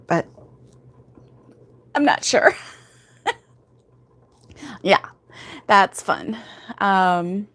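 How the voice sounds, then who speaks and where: Slow, sleepy, chatty woman host. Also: medium pitch, animated, a bit bright, dry recording. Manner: chatty and rambling, many fillers, laughs often. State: sleepy, yawning. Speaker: crochet livestream host. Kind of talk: casual livestream chat, reading viewer comments aloud.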